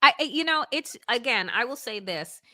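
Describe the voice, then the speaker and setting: A blunt, emphatic woman hosts a political talk show, talking in a casual way. Her voice is bright and somewhat high, and the recording is dry and close. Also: lively intonation, moderate pace, no echo. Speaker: host. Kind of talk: political commentary chat.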